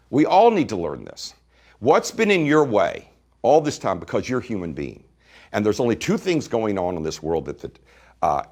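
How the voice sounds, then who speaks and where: A man who teaches energy practices recounts a conversation with a client, then addresses his listeners directly. His fairly low voice shifts between emphatic and quiet delivery.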